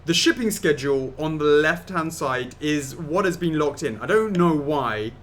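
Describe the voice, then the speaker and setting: A man's voice: a little high, lively intonation, normal speed, fairly bright tone. An English man co-hosting a casual livestream Q&A, reading out viewer questions in a chatty, jokey way. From England. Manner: chatty, jokey, laughs often. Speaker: co-host of a company Q&A stream.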